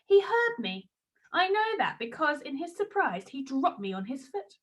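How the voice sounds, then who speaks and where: A woman's voice: high voice, very animated, moderate pace. A woman reading a storybook aloud, narrating expressively in the first person.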